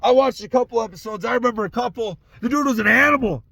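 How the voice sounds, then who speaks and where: Young man, high-pitched, gravelly, profane rambling rant, dry close sound inside a truck. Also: fast talker, bright, forceful tone, dry recording. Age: young adult. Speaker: solo podcast host. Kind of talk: casual solo rant.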